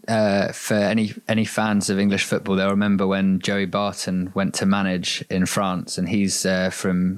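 A man co-hosting a cycling podcast, chatting casually with a wry, joking manner. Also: on the low side. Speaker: podcast co-host.

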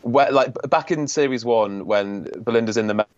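A man's voice: medium pitch, normal speed, dry recording, dull audio. A man in casual podcast chat, hesitant and self-deprecating, full of ums and restarts. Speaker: guest co-host of a book podcast.

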